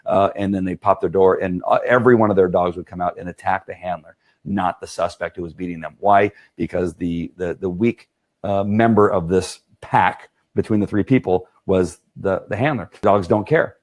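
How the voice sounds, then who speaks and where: A man's voice: deep voice, fairly even intonation, moderate pace, a little mellow. A man who trains dogs, talking earnestly to viewers on a live stream, with many fillers and restarts. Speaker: dog trainer.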